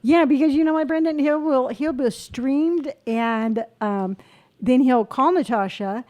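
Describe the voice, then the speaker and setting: A woman's voice: high-pitched, unhurried, mellow. A middle-aged woman co-hosting a casual podcast chat, encouraging and rambling with fillers. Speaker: podcast co-host.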